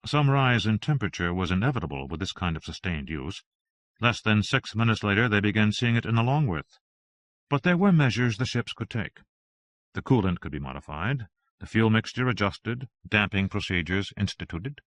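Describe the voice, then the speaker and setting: A man reads an audiobook aloud in a steady, even-toned way. His voice sits low, and the sound is dry and close, with no room around it. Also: moderate pace, no echo. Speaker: audiobook narrator. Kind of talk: audiobook reading.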